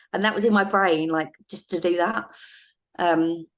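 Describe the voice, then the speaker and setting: A middle-aged woman in a podcast interview, telling anecdotes in a lively casual way with frequent laughs and fillers. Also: fairly low pitch, a little slow. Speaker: guest, former undercover police officer.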